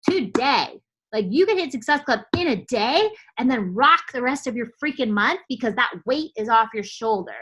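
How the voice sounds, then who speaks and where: A woman's voice: fairly high pitch, animated, brisk, hardly any pauses, a bit bright, husky, low-quality recording. A woman coach giving a motivational team training talk, fired up and blunt, casual with swearing and lots of "like" fillers.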